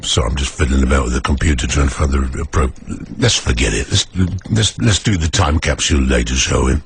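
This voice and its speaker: A man's voice: very deep voice, brisk, creaky, slight background noise. A British man presenting live radio news, getting flustered and self-deprecating when things go wrong.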